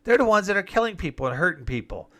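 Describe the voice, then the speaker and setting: A man's voice: sits high, very animated, fast talker, a bit bright. Emphatic man ranting about politics. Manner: emphatic, rambling, sarcastic asides. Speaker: political commentator.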